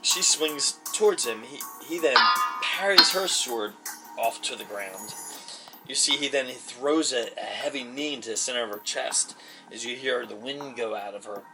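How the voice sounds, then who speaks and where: Casual male game master, rambling narration, distant mic, music underneath. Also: mid-range voice. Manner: rambling, laughs often, many fillers. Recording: far from the mic, music behind.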